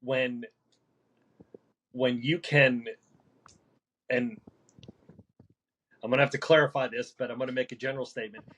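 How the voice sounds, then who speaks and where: A man who works as a paramedic, talking through a casual podcast conversation in a halting way, with many restarts and fillers. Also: medium pitch, steady tone, fairly bright tone, poor audio. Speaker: paramedic guest.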